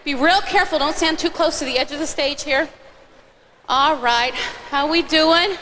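A woman's voice: high voice, normal speed, pushed and bright. A woman singer on stage at a live church concert, cheerfully coaching children through song actions over a stage microphone. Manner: cheerful, coaxing, directing children. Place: large church auditorium. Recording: long hall reverb, faint audience noise.

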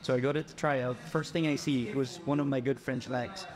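A young man from the Philippines tells a personal story as a podcast guest. He talks casually, jumping up in pitch whenever he acts out what other people said. Music runs clearly underneath his voice. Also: brisk. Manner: animated, acts out voices in quotes.

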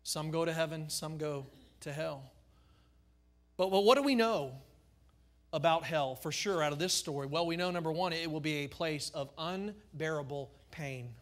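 A man's voice: on the high side, normal speed. A man preaching a fervent sermon as pastor, building rhythmic repeated phrases.

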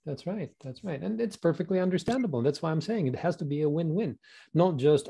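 Male co-host, earnest and affirming, very mellow dark timbre. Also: a little high, expressive, brisk, gravelly, slightly rough. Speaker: podcast co-host. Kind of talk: interview hosting.

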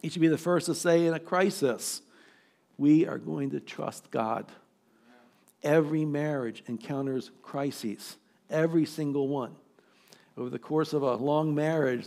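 A man in his sixties, a pastor, preaching an emphatic, exhorting sermon with dramatic pauses. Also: fairly high pitch, a little mellow. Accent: American. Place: church sanctuary.

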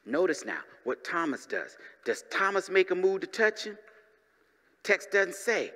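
A man preaching a sermon as pastor, lively and humorous, tossing asides to the congregation. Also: sits high, a little slow, big-room sound.

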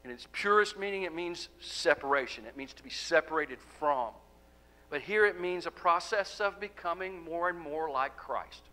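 A man preaching a sermon as pastor, asking the congregation rhetorical questions and letting key words fall soft. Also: sits high, poor audio. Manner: emphatic, rhetorical questions, drops to soft endings.

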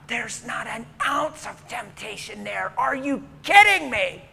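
A man preaching a sermon as he tells a story, dropping to a hush and rising to a shout. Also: extremely high pitch, animated, measured pace, creaky, few pauses, a little hiss or hum.

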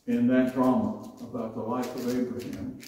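A middle-aged male preacher telling a personal story in a sermon, building from quiet narration to loud, emotional pleading. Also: mid-range voice, level tone, moderate pace. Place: large church or convention hall. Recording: echoey hall, distant mic, faint noise.

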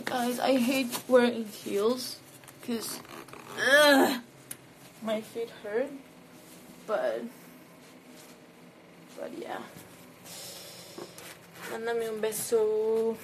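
A woman's voice: on the high side, slight background noise, low-quality recording. A young woman with a Mexican accent whose first language is Spanish, chatting casually into a phone and reading out fan comments, laughing often. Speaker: livestreamer answering fans.

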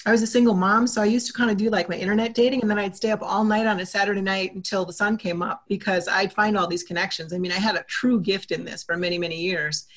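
A woman talks at length as an interview guest. Her voice sits at an ordinary middle pitch. She is animated and chatty, and she acts out the exchanges she retells. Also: fast talker, hardly any pauses. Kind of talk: casual interview talk.

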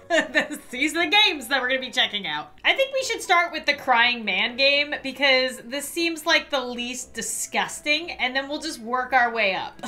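A woman's voice: high-pitched, pushed and bright. A young woman commenting while playing a game, reacting in a squeamish, dramatic way and laughing often. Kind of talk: let's-play commentary.

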